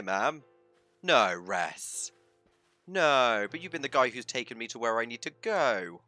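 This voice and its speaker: A man's voice: medium pitch, big pitch swings, a little slow, no echo, soft background music. A man giving casual, theatrical commentary while streaming a game. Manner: theatrical, swings into loud outbursts.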